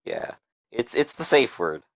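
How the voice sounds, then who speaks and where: Guy gm running a tabletop game, chill and jokey, bouncy pitch, dry close mic. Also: measured pace, gravelly, no room sound, low-quality recording. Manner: relaxed, joking, with many fillers. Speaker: game master.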